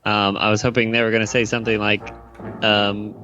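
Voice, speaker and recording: A man co-hosting a podcast in casual chat, relaxed, adding short remarks and reactions. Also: fairly low pitch, a little fast, dull audio, faint music behind. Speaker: podcast co-host.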